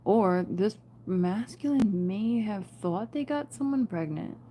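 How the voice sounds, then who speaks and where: Speaking slowly in a warm, expressive mid-range voice, this woman is a tarot reader doing a laid-back spiritual reading for viewers. There's a little hiss or hum. She chats away, laughs a lot, and addresses people as "you guys" and "y'all."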